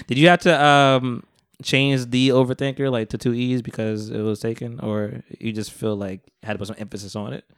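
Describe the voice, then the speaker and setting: Laid-back male podcast host, smooth voice. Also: mid-range voice, steady tone, moderate pace, no echo, clean studio sound. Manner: laughs often, bursts from quiet to loud. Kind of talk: casual chat. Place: room with a couch.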